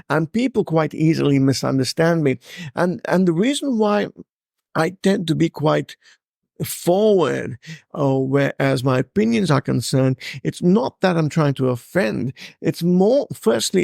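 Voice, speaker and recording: Podcaster with a speech impediment, halting and emphatic, slightly high gravelly voice, dry close sound. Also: male voice, a little mellow, no room sound. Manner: halting, repeats words, stutters on starts; emphasizes certain words, projects voice. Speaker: podcast host. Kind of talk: personal monologue.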